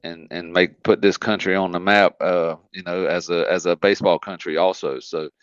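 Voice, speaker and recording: A man's voice: low voice, steady tone, moderate pace, smooth, no room sound, dull audio. A man from the United States, a baseball team manager, talking earnestly on a radio phone interview, often repeating words as he goes.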